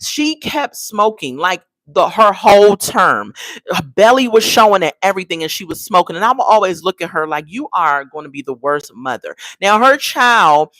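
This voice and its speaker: Woman, forties, reality show recap, sassy and blunt, swooping lively pitch, dry close sound. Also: normal speed, dry recording. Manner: sassy, blunt, animated storytelling. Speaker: reality TV reviewer. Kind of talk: casual recap commentary.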